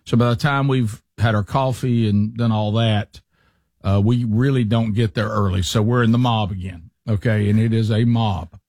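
A man's voice: fairly low pitch, normal speed, no echo. A middle-aged man, telling a long casual story to his co-hosts and acting out the quotes in it. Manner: animated storyteller, acts out quotes.

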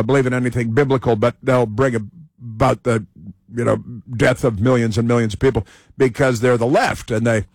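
A man's voice: medium pitch, no room sound. A male radio host giving sarcastic, mocking talk radio commentary.

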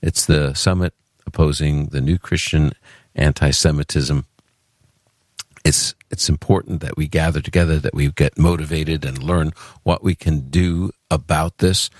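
A man with a New York accent hosts a call-in radio show in a chatty, loose way. His voice is very low and sits close in a dry studio. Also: dry recording. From Brooklyn, New York. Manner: chatty, with fillers and restarts. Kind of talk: casual talk radio. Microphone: studio microphone.

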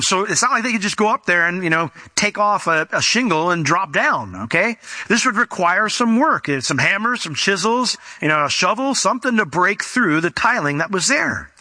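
A man's voice: high voice, bright, forceful tone, no echo. A man preaching a sermon in a conversational way, with restarts and rhetorical questions. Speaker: pastor.

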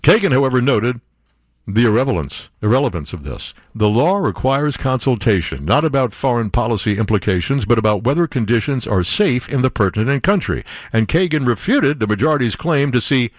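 A man's voice: medium pitch, very animated, normal speed, dry recording, clean studio sound. A man hosting a talk radio show, delivering an opinionated monologue in a sarcastic, incredulous way.

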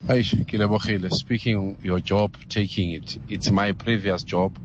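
A man with a South African accent leaving a slow, deliberate voice note for a radio show. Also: on the low side, steady tone, dull audio, noisy background. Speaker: caller.

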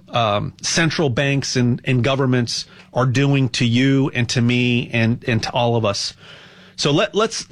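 A man hosting a show, talking in a rambling, impassioned monologue with a sales pitch and lots of stammered restarts. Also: fairly bright tone. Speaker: radio show host.

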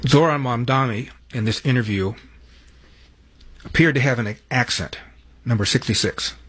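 A man hosting political commentary, introducing clips in an emphatic, deliberate way. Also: medium pitch, a bit bright, slightly rough. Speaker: commentary host.

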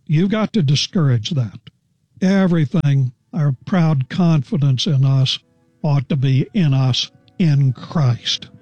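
A man teaching the Bible verse by verse on a radio program, earnest and deliberate, stressing key words. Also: on the high side, a little mellow, no room sound, dull audio, soft background music.

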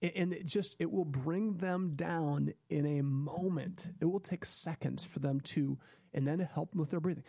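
Gravelly man giving parenting advice. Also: fairly high pitch, normal speed, no echo, clean studio sound. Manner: earnest, coaching, acts out calm parent lines. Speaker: podcast host.

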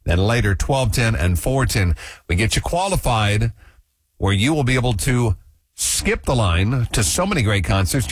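A man hosting a morning radio show, chatting in a lively, joking way. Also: lowish voice, no echo, studio quality.

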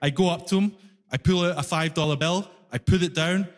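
High-voiced man doing stand-up in a hall. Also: a little fast. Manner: animated storytelling, exasperated, often shouting. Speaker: stand-up comedian. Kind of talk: stand-up comedy set. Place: large music hall stage. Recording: long reverb of a concert hall.

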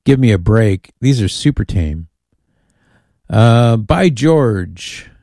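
Mellow-voiced male radio host. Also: on the low side, lively intonation, slow, vocal fry, no echo, studio quality. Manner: chatty, reads listener emails aloud with amused asides. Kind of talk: call-in radio talk.

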